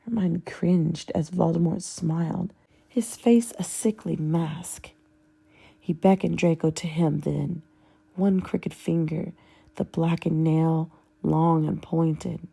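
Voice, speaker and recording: A woman reading a fanfiction audiobook with a low, dark, gravelly voice. She takes the story slowly and steadily, with a husky grain on every line. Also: steady tone. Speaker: audiobook narrator.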